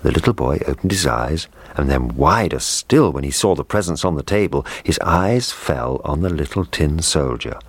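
A man reading a children's fairy tale aloud in a gentle, measured way. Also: rumbling low, expressive, husky, no echo. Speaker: storyteller. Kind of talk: scripted narration.

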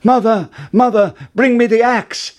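Guy reading as a plucky young boy, slow and a bit husky. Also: deep voice, wildly swooping pitch, heavily acted. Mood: eager.

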